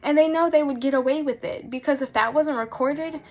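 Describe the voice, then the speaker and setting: Blunt, exasperated high-voiced young woman. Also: a little fast. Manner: blunt, exasperated, repeats points for emphasis. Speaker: vlogger. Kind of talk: casual opinion vlog.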